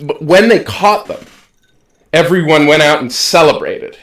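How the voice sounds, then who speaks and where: A podcast co-host, a man with a high voice that jumps all over the place. He jokes around and rambles, restarting his sentences as he goes. The sound has a roomy echo. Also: expressive, unhurried, fairly bright tone. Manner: rambling, joking, trails off and restarts. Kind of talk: casual chat.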